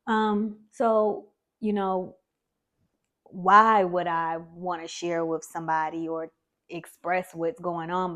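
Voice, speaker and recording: A woman's voice: on the low side, a bit bright. A woman vlogger candidly telling her own story, reflective and conversational with plenty of fillers.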